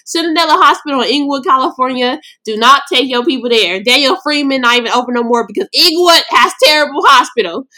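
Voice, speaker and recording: Bright-voiced woman from Los Angeles. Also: high-pitched, fast talker, few pauses. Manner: emotional, blunt, slangy and animated. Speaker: podcast host. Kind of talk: casual personal storytelling.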